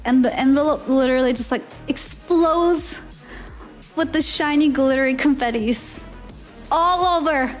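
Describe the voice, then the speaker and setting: Very high-voiced giggly woman streamer. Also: a little slow, faint music behind. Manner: animated, giggly, acts out the people in her story. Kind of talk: casual storytelling on a live stream.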